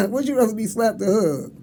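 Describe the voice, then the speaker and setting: A high-voiced man around sixty with a mellow, rounded tone, rambling cheerfully through encouraging stories to students. He acts out little conversations as he goes. A faint hiss of background noise sits under his voice. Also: measured pace. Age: 60s. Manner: rambling, encouraging, animated storytelling with chuckles. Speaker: motivational speaker. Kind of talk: casual motivational talk to students. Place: school hall with an audience.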